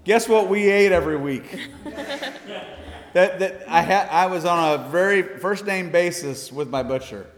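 A man's voice: high-pitched, a little slow. A man from the United States, a missionary, speaking earnestly and folksily to a church congregation, laughing often. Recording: long hall reverb.

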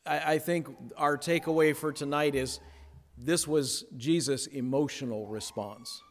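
A man preaching a sermon, pausing for effect and dropping to a near hush on key words, then building again. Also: fairly high pitch, steady tone. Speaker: pastor. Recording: long hall reverb.

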